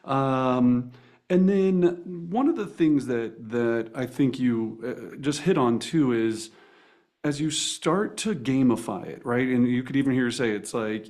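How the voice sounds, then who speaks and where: A man's voice: medium pitch, darkish tone. An enthusiastic man hosts an interview, voice in a mid range. He stumbles through restarts and fillers, jumping between praise and his next question. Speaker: host. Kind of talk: interview hosting.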